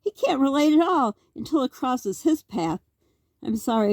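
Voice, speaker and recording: Middle-aged woman ranting on her vlog, kinda high voice but mellow, close dry sound, lots of why questions. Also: expressive, moderate pace, no room sound. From Canada. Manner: agitated, rambling, rhetorical questions. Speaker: vlogger. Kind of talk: casual vlog monologue.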